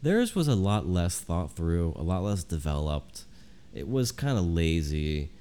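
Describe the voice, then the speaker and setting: A man's voice: low voice, big pitch swings, unhurried, dark tone, a little hiss or hum. A man co-hosting a comedy podcast, chatting casually and rambling with lots of fillers. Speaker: podcast co-host.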